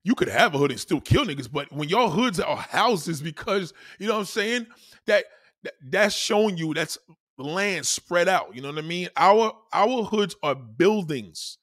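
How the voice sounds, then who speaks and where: Brief: young New York man, blunt profane rant, higher voice with a bright edge, dry close sound. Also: animated, normal speed, dry recording. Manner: blunt, profane, emphatic with repetition. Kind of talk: casual rant.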